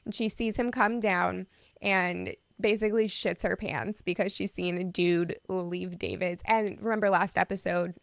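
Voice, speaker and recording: A young adult woman co-hosting a podcast, casually retelling scenes in an animated way, laughing often and swearing casually. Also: fairly low pitch, unhurried, no room sound. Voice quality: gravelly fry in the voice. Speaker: podcast co-host recapping episodes.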